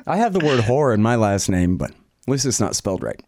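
Rambling, low-voiced male podcast host. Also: big pitch swings, a little fast, darkish tone, no echo, clean studio sound. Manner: rambling, profane, self-deprecating, lots of fillers. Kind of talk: casual Q and A chat. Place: home office.

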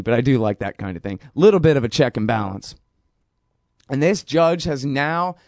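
A man hosting his own radio show, talking bluntly and loosely in slang, often trailing off into low mumbles. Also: darkish tone, dry recording, studio quality. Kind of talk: casual talk radio monologue.

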